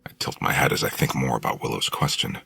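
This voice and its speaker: Very deep gravelly male narrator. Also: quick pace, pushed and bright, no echo. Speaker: audiobook narrator. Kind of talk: first-person novel narration.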